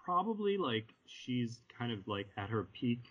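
A man's voice: medium pitch, big pitch swings, unhurried, a bit bright, breathy edge. A man co-hosting a casual movie review podcast, thinking aloud hesitantly and adding emphasis as he gives his views, heard through a dull lo-fi mic. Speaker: podcast co-host.

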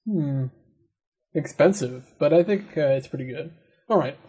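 A man leads a casual podcast chat, upbeat and full of jokes. His voice sits a little high for a man. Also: dark tone, slightly rough. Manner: upbeat, jokey, quick asides. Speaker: podcast host.

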